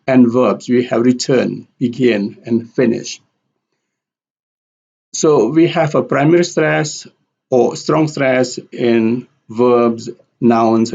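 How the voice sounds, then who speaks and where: Slow, gravelly male English teacher. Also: medium pitch, darkish tone, dull audio. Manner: repeats example words carefully. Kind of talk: slow explanatory lesson with spoken examples.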